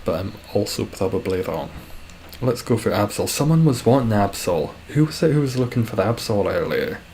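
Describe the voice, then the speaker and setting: Young guy streaming, lowish voice, rambly chat with viewers, jokes at his own expense. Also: very animated, normal speed, darkish tone, slight background noise, poor audio. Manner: rambling, self-deprecating, answers chat. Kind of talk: casual live game-stream chat.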